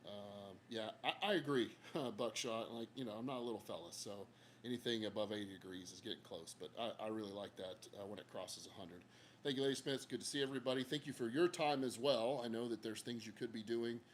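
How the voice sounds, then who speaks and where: A man's voice: lowish voice, a little fast, slight background noise. A man livestreaming from an outdoor porch, talking casually and frankly with lots of fillers and some mild cursing. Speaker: therapist hosting a livestream. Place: outdoor porch, hot, under a fan.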